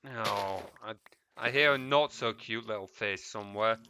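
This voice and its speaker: A man's voice: fairly low pitch, normal speed, background noise. A man chatting casually while streaming a game, cursing at mobs and muttering asides to viewers. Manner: swears freely, mutters asides, chats to viewers. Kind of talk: casual gameplay stream chat.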